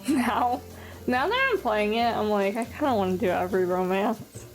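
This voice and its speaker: A woman's voice: mid-range voice, animated, normal speed, faint music behind, poor audio. A young woman streamer reading a dating game aloud, with playful, laughing asides.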